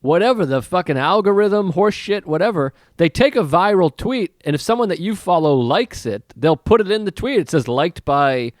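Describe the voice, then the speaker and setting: A man's voice: high voice, expressive, normal speed, few pauses, no echo, studio quality. A man in casual podcast banter, crude and swearing, joking freely.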